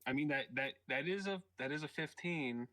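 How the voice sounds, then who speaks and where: A man playing a tabletop game, talking casually and haltingly with many fillers. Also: on the high side, pushed and bright. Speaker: player.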